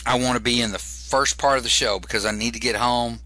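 A stand-up comedian telling a story in an interview, animated and repeating words for comic effect. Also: male voice, mid-range voice, fairly quick, no echo.

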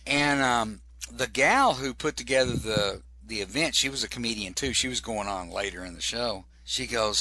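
Middle-aged man, bright forceful voice, casual rambling storytelling, repeats words. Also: on the low side, moderate pace. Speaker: comedian telling a story.

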